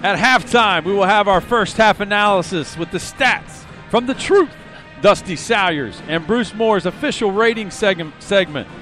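A man's voice: high-pitched, sharp tone, faint music behind. A man co-hosting a fan sports podcast, rattling off the segment lineup and cracking playful jokes. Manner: joking, playful, quick with wisecracks. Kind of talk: pregame sports broadcast banter.

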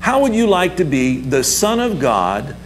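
A man's voice: a little high, very animated, unhurried, poor audio. A man preaching a sermon as pastor, emphatic and repetitive, leading the congregation in call-and-response.

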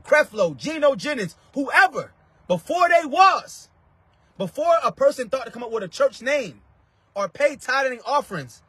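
A man preaches in a very high, husky voice. He drives his points home through repetition and bursts into shouting. The sound is dry and close. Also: no room sound. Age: 30s. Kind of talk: fiery street-style preaching.

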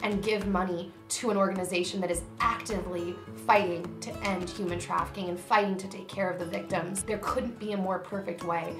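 A woman's voice: lowish voice, steady tone, fairly quick, few pauses. A young woman vlogger talking earnestly and emotionally to her viewers. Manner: earnest, emotional, choked up near the end. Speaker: YouTube vlogger. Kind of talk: heartfelt direct-to-camera talk. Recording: echoey room with faint music.

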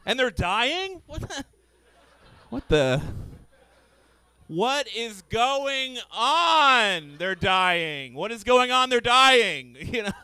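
A high-voiced stand-up man with a wildly swinging pitch. He lurches from low mumbles to sudden yelled outbursts, all in a bright, ringing voice. His delivery is unhurried in between the bursts. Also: sing-song, clear, resonant tone, dry recording. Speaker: stand-up comedian. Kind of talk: stand-up comedy set. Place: stage before a live studio audience.

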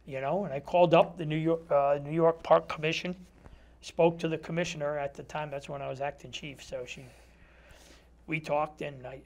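In a casual interview at a community TV studio, a metal detectorist from Connecticut tells stories in a fairly high-pitched voice touched with vocal fry. He's chatty, dramatizes quoted dialogue, and scatters "you know" and other fillers throughout.

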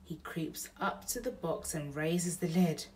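A mother reading a bedtime storybook aloud to her baby in a slow, gentle pace. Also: low-pitched, recorded from a distance.

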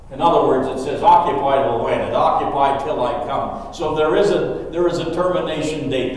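A man preaching a sermon in a church, emphatic and repeating his key phrases. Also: fairly high pitch. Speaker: pastor. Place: church sanctuary. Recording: echoey church hall from far off.

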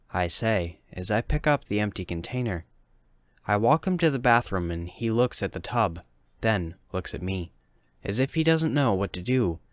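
A man with a low voice reads a first-person horror story in a calm, measured way. His delivery is steady and deliberate. The recording is dry, with no room sound. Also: dry recording. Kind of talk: scripted horror narration.

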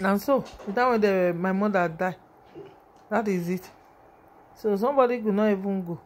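A woman's voice: medium pitch, moderate pace, a little hiss or hum. A woman with a Nigerian accent giving an emotional, rambling vlog commentary on a video, often calling out to her viewers.

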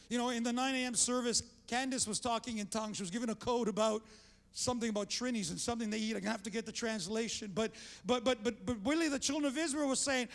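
A man's voice: very high-pitched, fast talker, vocal fry. An older man preaching a sermon as pastor, fervent and conversational, calling out to the congregation and often restarting his sentences. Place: church sanctuary. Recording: long reverb of a large church hall.

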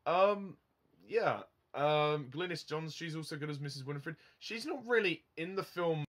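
A man's voice: fairly high pitch, expressive, unhurried, a bit bright, a little hiss or hum. A young man giving a casual film review, rambling with frequent ums and chuckling at his own remarks.

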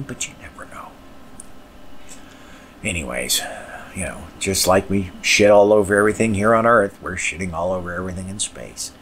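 A man's voice: on the low side, a little hiss or hum. A man hosting a podcast, talking in a casual, rambling way with crude language and mumbled asides. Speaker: podcast host.

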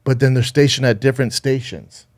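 Speaking a little fast in a steady, medium-pitched voice, this man co-hosts a podcast and spins a true-crime tale. It's casual, rambling and profane, full of restarts.

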